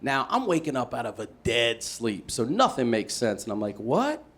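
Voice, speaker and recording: A male stand-up comedian from Maryland telling a story on a comedy stage, animated and acting out voices, building up to loud punchlines. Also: medium pitch, normal speed. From Maryland, USA. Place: comedy stage with a live audience.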